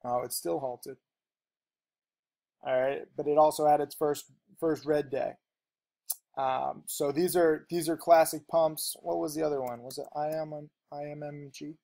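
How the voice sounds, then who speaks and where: A man giving a casual, unscripted trading lesson, talking rapidly and rambling, with lots of fillers and restarts. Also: on the high side, fairly even intonation, creaky, mellow. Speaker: stock trading teacher.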